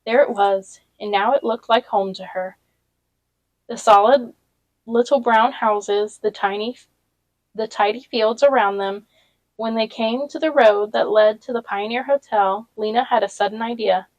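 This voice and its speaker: A woman reading a novel aloud in a steady storytelling manner, with small slips and brief asides. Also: on the high side, a little slow, rough recording. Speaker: reader.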